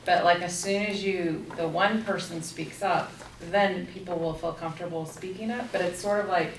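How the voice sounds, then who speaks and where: A woman's voice: fairly low pitch, fairly even intonation, moderate pace, a little hiss or hum. A woman hesitantly sharing her thoughts in a workshop group discussion, with many fillers and restarts. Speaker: workshop participant. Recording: distant, echoey room mic.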